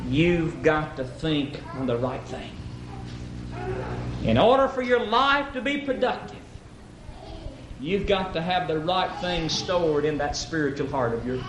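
A man's voice: on the high side, animated, measured pace, echoey room, noisy background. A man preaching a folksy, emphatic sermon at an evening church service, telling a story and acting out its characters.

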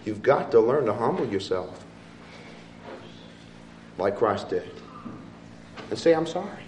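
A man preaching a sermon in a church, swinging between loud, pleading appeals and quiet, soft asides. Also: expressive, slow pace, a little hiss or hum. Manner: rises to loud impassioned appeals, then drops low and soft. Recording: echoey room from far off.

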